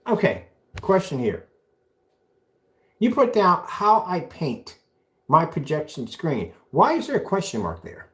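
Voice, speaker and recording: A man's voice: fairly high pitch, huge pitch swings, a little slow, long pauses, a bit bright. A man mocking a rival in a ranting callout video, sarcastic, taunting, and repeating phrases back at him. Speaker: video blogger.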